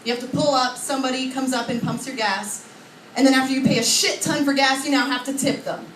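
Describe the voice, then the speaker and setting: A woman's voice: high voice, steady tone, fast, fairly bright tone, a little hiss or hum. A young woman from Oregon performing a chatty, self-mocking stand-up set on a comedy club stage, acting out little voices. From Oregon, USA. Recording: echoey club, recorded from far off.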